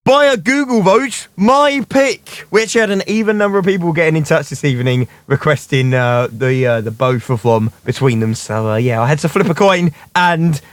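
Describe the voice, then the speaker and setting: A man's voice: medium pitch, fairly quick, few pauses, no room sound. Jokey radio co-host man, dry close sound. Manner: jokey, laughing banter. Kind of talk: casual radio chat. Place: radio studio.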